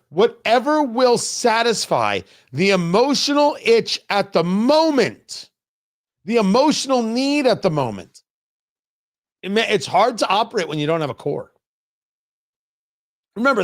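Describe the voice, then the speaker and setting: Guy hosting a political talk show, sarcastic, chatty with listeners, voice jumps all over. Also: high-pitched. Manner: animated and sarcastic, talking straight to listeners. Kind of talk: opinionated political commentary.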